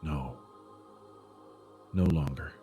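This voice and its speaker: A man's voice: low voice, takes it slowly, a little mellow, soft background music. A man voicing a lovesick male ghost who speaks solemnly and formally. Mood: mournful.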